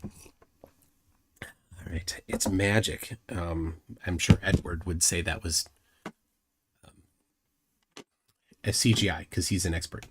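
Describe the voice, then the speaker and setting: A man's voice: deep voice, steady tone, a little slow, pauses often, background noise. A middle-aged man hosting a live stream, rambling and self-deprecating with many restarts. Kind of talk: casual live commentary.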